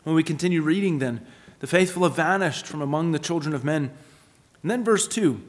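A man's voice: on the high side, a little fast. Earnest man preaching in a reverberant hall. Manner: earnest, explanatory, with lively storytelling asides. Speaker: pastor. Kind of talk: sermon.

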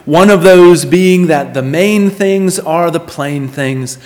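A man preaching a sermon and reading scripture from the pulpit, with expressive, varied emphasis. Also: on the high side, slow pace. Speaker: pastor. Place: church sanctuary. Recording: long reverb of a church hall.

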